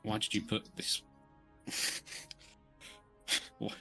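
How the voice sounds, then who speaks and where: A man's voice: extremely slow, sharp tone, faint music behind. A man playing in a tabletop game, rambling and self-mocking as he talks in a put-on Scottish accent. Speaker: player. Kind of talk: tabletop role-play in character.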